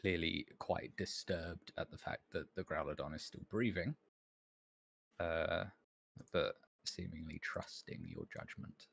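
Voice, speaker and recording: A man's voice: sits low, expressive, measured pace, vocal fry, fairly bright tone, husky. A man narrating as game master of a tabletop game, hesitant and full of restarts. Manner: hesitant, many ums and restarts.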